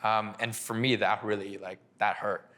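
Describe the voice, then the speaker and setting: A young man with a somewhat low voice tells his business story in a relaxed interview. He talks in an animated way, leans on fillers like "you know," and acts out the people he dealt with. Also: normal speed. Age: young adult. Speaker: agency owner guest.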